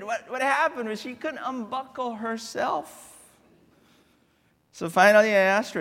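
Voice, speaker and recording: A man preaching a sermon as a guest pastor in a church, telling a family story with drawn-out, deliberate repetitions. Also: very high-pitched, lively intonation, a bit bright, long reverb tail. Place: church sanctuary.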